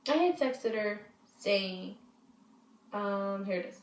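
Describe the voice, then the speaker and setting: A woman's voice: medium pitch, takes it slowly, distant mic, slight background noise. A woman telling a story to her camera in a rambling, profane way, often restarting her sentences. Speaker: vlogger. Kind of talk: casual storytime. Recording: echoey room, voice off-mic.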